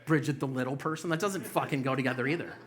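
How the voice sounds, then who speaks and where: A man's voice: medium pitch, quick pace, fairly bright tone. A young man doing a stand-up set in a small comedy club, telling loose, profane stories with mocking quoted voices.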